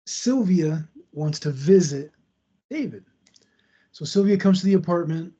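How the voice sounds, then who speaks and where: A man tells a true crime story in a loose, conversational way, adding asides as he goes. His voice is fairly high for a man, yet dark and husky with a gravelly edge. The recording sounds dull and lo-fi. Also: animated, a little slow. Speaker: podcast host.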